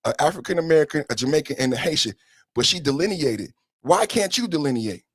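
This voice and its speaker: A man's voice: fairly high pitch, lively intonation, fast talker, breathy edge, no room sound, clean studio sound. A man hosting a solo podcast, ranting in a heated, emphatic way with frequent profanity. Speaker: podcast host.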